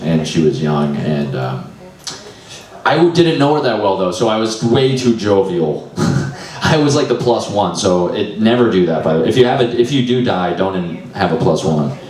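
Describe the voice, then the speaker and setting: Young guy rambling thru a stand-up set, kinda low voice, echoey room, sounds far from the mic. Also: darkish tone. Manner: self-deprecating, frazzled, swears a lot. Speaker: stand-up comedian at an open mic. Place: small comedy venue.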